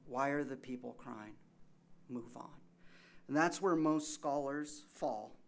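Male pastor, mid-pitched voice, chatty sermon delivery, rhetorical questions, soft asides that turn emphatic. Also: takes it slowly, vocal fry. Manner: conversational, asks rhetorical questions.

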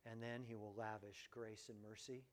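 With slight background noise behind him, a pastor whose voice is on the low side preaches at normal speed. His animated sermon alternates loud exclamations with hushed lines, and he acts out quoted voices.

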